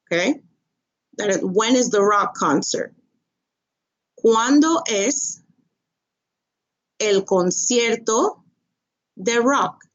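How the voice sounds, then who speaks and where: A woman teaching an online Spanish lesson, patient and methodical, repeating phrases and stressing the rise of a question. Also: medium pitch. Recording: dull lo-fi audio.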